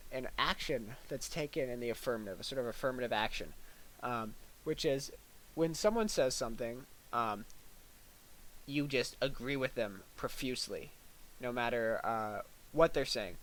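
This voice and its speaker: With a mid-range voice and poor audio quality, a young man gives a tongue-in-cheek lecture, deadpan and halting, padded with fillers. He plays it mock-serious and acts out little asides along the way.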